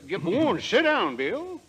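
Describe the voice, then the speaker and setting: An actor playing a boisterous, rough-edged Western rancher in 1940s radio acting, talking in folksy slang and laughing often. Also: male voice, high-pitched, huge pitch swings, takes it slowly, background noise, heavily acted. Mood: jovial. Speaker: lead in a radio comedy.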